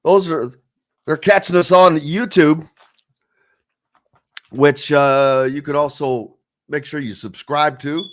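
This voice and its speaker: A man's voice: on the high side, takes it slowly, long pauses, a bit bright, no echo, clean studio sound. A man hosting a casual sports talk radio show, rambling loosely with plenty of fillers and reading listener comments aloud.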